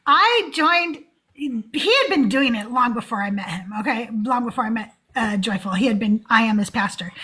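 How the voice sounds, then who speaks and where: A woman's voice: high voice, bright, forceful tone. A woman in her forties hosting a live call-in show, chatting casually and laughing often between many fillers. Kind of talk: casual livestream chat.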